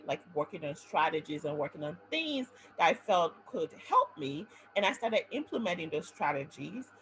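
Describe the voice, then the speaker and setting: A woman physician giving a webinar talk, telling her own story in an animated way and often checking in with "right?". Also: mid-range voice, poor audio.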